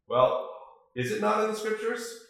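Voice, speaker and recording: Slow-speaking priest, echoey church. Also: male voice, sits high, sing-song, gravelly, fairly bright tone. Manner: measured, rhetorical questions. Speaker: Orthodox priest. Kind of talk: sermon.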